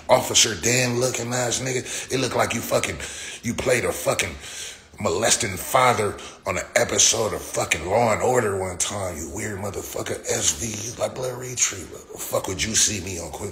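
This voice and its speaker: A man's voice: fairly low pitch, moderate pace, a bit bright. A man in his forties ranting profanely on a livestream, talking back to comments from his chat. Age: 40s. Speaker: livestream host. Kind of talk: casual livestream rant. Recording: echoey room with faint ambient noise.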